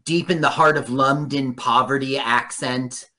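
A radio host chatting casually about a movie, animated and profane. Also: medium pitch. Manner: animated, profane, quick to laugh. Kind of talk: casual movie commentary chat.

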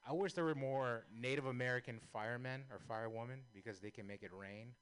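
A man's voice: medium pitch, fairly quick, a bit bright, smooth. A young man doing a stand-up set, telling loose, profane, rambling stories and laughing at his own jokes. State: high. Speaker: stand-up comedian.

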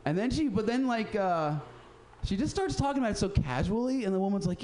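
A man's voice: sits high, animated, brisk, a little mellow. A man hosting a radio show, telling street stories in a casual, profane way and acting out the people he quotes. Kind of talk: casual storytelling chat.

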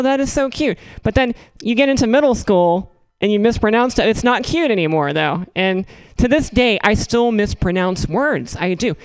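A young woman spins a rambling, self-mocking comic story, tripping over her own fillers. Her voice is smooth and clear. It sits close and dry on the mic. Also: mid-range voice, no room sound. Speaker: improv comedy performer. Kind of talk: storytelling stand-up improv.

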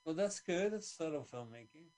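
A man's voice: on the high side, animated, normal speed, mellow. A man co-hosting a podcast who chats casually about a movie and makes wry jokes. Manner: wry, joking comments. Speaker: podcast co-host.

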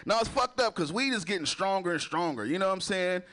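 A man's voice: high-pitched, animated, fairly quick, pushed and bright. A man doing a crude stand-up comedy set, laughing at his own jokes and talking in a loose, chatty way. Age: adult with a son. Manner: loose, chatty, keeps asking "you know".

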